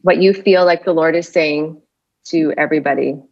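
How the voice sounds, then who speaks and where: A woman's voice: sits low, fairly even intonation, normal speed, creaky. A woman hosting a podcast, talking casually with affirming remarks and restarts. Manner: warm affirming, rambling restarts. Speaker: podcast host. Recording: dull lo-fi podcast audio.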